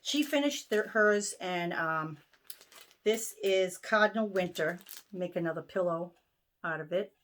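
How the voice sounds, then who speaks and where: A woman's voice: lowish voice, unhurried, a bit bright. A woman with a Boston accent chatting casually in her home sewing room, showing her needlework projects with lots of ums and restarts. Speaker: stitching vlogger. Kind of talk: casual show-and-tell chat.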